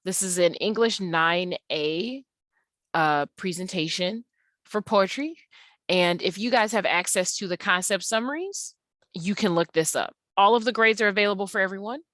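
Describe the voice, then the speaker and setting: A woman English tutor giving an online lesson, explaining patiently and stretching words out slowly to show how they sound. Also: medium pitch, a bit bright, no echo.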